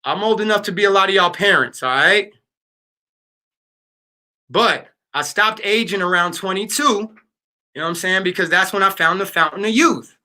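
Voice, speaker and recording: A man in his late thirties hosting a casual livestream. His voice sits high and sounds very bright and forceful. He talks loosely with lots of fillers and slang, as if answering viewers' comments. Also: normal speed, long pauses. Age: 30s. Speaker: livestream host.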